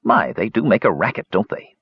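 A man's voice: fairly low pitch, huge pitch swings, a little fast, creaky, husky, dry recording, full character voice. A man voicing a teasing, unflappable older male kender in a dull lo-fi recording. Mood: wry. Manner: dry, teasing.

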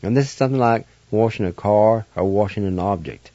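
A man's voice: on the low side, moderate pace, warm tone, no room sound, dull audio. A man hosting a radio language lesson, spelling each word letter by letter and sounding it out syllable by syllable. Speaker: radio host teaching Cherokee words.

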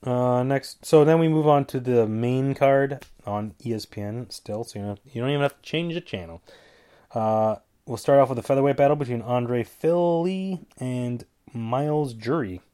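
Guy with a stuffy nose just rambling solo on his show, kinda dark mellow voice, jokey side tangents. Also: medium pitch, moderate pace, smooth. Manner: rambling, jokey asides, stumbles over names. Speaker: podcast host giving fight picks. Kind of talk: casual solo commentary.

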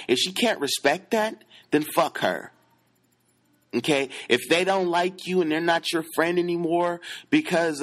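A man's voice: medium pitch, a bit bright. A man giving dating advice in a casual monologue, profane and emphatic, who keeps checking in with his listeners.

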